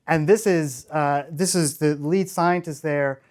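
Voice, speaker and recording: A man's voice: on the high side, steady tone, takes it slowly, darkish tone. Enthusiastic middle-aged man telling stories on stage. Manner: enthusiastic, rambling, frequent restarts. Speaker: conference speaker. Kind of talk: storytelling keynote talk.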